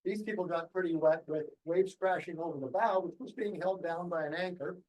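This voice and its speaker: A man tells a club its history in a loose, anecdotal way, full of ums and restarts. His voice sits a little high for a man. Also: brisk, darkish tone, low-quality recording. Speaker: guest speaker. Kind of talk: club presentation talk.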